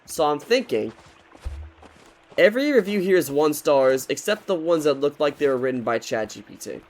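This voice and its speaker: A man's voice: a little high, animated, moderate pace. A young man in his twenties telling a frustrated, swearing story in a loose, casual rant while he plays a game. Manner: frustrated, swears often, talks loosely with restarts.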